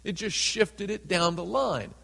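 A man preaching a sermon in a church, reading scripture slowly and dramatically and acting out the people in it. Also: high voice, gravelly, fairly bright tone. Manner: reads scripture slowly and dramatically, voices characters in asides. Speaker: pastor. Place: church sanctuary. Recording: hall with long reverb.

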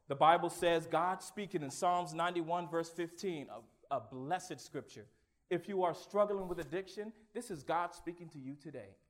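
Man preaching, high voice, hushed then loud, stammers and repeats words. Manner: swings from hushed, halting recollection to loud exclamations. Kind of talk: sermon with personal testimony.

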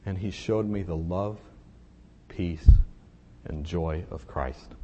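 A man preaching a sermon, telling a personal story in a confessional way that moves between hushed and emphatic. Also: low voice, takes it slowly, dull audio, slight background noise.

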